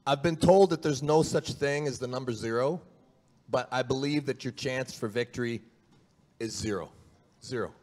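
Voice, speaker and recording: A man's voice: medium pitch, steady tone, moderate pace, a little mellow, big-room sound. A man from Canada, an arm wrestler, boasting and teasing his opponent at a press conference. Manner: cocky, playful, boastful taunting. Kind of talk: press conference trash talk.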